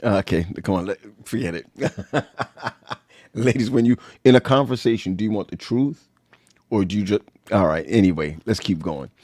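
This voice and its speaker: A man's voice: fairly low pitch, normal speed, darkish tone, no room sound, clean studio sound. A man hosting a casual livestream chat, talking loosely and repeating himself. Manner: loose, repetitive, chatty. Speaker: host.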